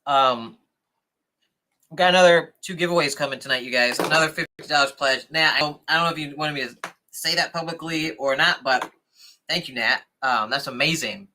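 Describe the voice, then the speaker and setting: Young man, livestream host, very bright tone, chatty and excitable, casual comment-reading. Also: on the high side, normal speed. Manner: excitable, chatty, thanks viewers warmly.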